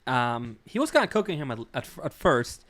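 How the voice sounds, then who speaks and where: A man's voice: mid-range voice, big pitch swings, normal speed, fairly bright tone, dry recording. A man hosting a wrestling podcast in loose, casual chat, with lots of fillers and frequent laughs. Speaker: podcast host.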